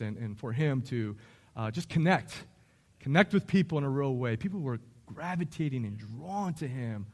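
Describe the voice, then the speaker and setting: A middle-aged man preaching a sermon in a conversational, emphatic storytelling way. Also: high voice.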